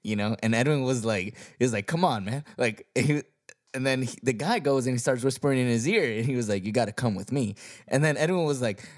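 A man co-hosting a casual podcast, telling a story in an animated, teasing way. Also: mid-range voice, a little fast. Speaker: podcast co-host. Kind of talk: casual chat.

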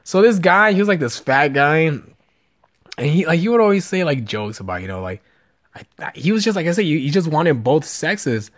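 A man's voice: fairly high pitch, very animated, moderate pace. A man in his twenties from California hosting a casual podcast chat, loose and full of fillers and swearing. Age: 20s. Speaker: podcast host.

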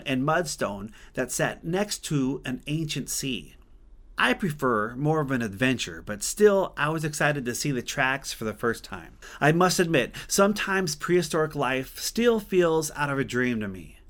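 A man from Montana tells a personal story, his voice sitting a little higher than most men's. He talks in an earnest, conversational way and often restarts a word to correct himself. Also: a bit bright.

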